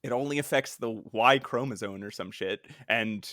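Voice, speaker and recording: A man co-hosting a podcast in casual chat, animated and laughing often, acting out quotes in a high voice. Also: normal speed, no echo, studio quality. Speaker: podcast co-host.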